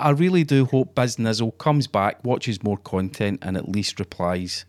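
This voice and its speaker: A man's voice: fairly low pitch, lively intonation, moderate pace. Sweary Scottish man telling a mocking story. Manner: sweary, mocking storyteller who acts out quotes. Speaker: podcast co-host. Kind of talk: casual banter.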